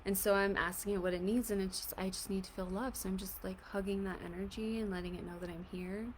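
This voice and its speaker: A woman coaching an emotional tapping exercise in a gentle, reassuring, casual way, often saying "like". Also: medium pitch, steady tone, fast talker, a little hiss or hum. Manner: casual, fills speech with "like". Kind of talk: guided tapping session.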